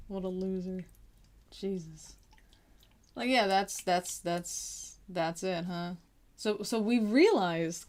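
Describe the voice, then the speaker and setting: A woman's voice: fairly low pitch, gravelly. Chatty woman telling a story. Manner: chatty, animated retelling with quoted voices. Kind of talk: casual anecdote.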